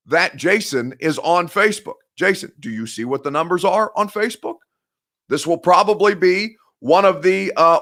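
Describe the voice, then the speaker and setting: A man's voice: on the high side, bright, forceful tone. A young man from Indiana with a Midwestern American accent, hosting a sports talk show and ranting with heated sarcasm and free swearing. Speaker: sports radio host.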